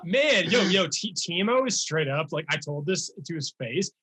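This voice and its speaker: A young man hosting a casual podcast chat, talking in an animated, rambling way full of fillers. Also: fairly high pitch, normal speed, slightly rough, low-quality recording. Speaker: podcast host and music reaction creator.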